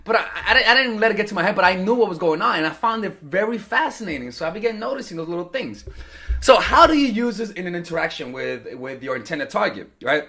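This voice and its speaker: A young man talking to camera as a dating coach, telling a story in a casual, animated way and acting out the lines he quotes, with the odd swear word. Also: high voice, quick pace.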